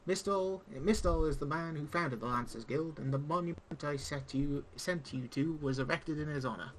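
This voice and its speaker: A man voicing a gruff old male tavern keeper and former lancer, reading game dialogue aloud with pirate-esque speech. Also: on the high side, moderate pace, a little hiss or hum, close to an everyday voice, poor audio. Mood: storytelling. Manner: pirate-esque speech with dropped g's and "aye".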